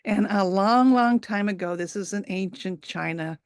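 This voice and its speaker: A woman storyteller telling a folk tale at a live event, unhurried, with fillers and asides. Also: mid-range voice, darkish tone, clean tone, no room sound, clean studio sound.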